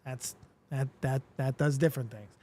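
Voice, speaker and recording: A man hosting a live stream, chatting casually, reading viewer comments aloud and swearing freely in an animated way. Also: mid-range voice, moderate pace. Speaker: livestream host.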